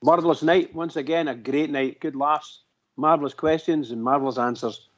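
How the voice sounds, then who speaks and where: A man's voice: on the high side, fairly even intonation, moderate pace, background noise. A man co-hosting a radio show, rallying fans with enthusiastic praise. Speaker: radio co-host. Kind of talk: casual radio sign-off. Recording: dull lo-fi audio.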